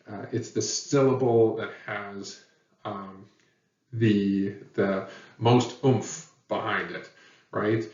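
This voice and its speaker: A man's voice: on the low side, fairly bright tone. Man, teacher, patient, filler-heavy, dull lo-fi sound, echoey. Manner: plain, patient, with many uh fillers. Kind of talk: explanatory lecture. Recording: echoey, dull, far from mic.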